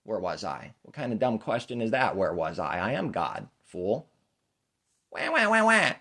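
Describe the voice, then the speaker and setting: A man's voice: low voice, sing-song, moderate pace, exaggerated voice. A man voicing a boastful, bawling baby who calls himself God, wailing shrilly and scornfully. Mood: boastful wails.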